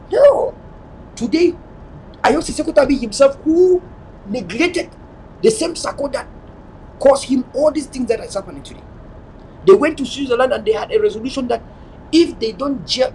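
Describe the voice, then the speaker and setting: Man, high-pitched, preachy political commentary, faint noise behind. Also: low-quality recording. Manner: preachy, repetitive, mixes in pidgin. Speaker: online show host.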